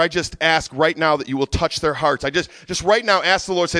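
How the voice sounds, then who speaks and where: A man with a fairly high voice leads a sermon and prayer, fervent and halting, stumbling over and repeating his words. The sound is dry and close, with almost no room around it. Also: sharp tone, dry recording. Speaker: pastor. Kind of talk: sermon with prayer and altar call.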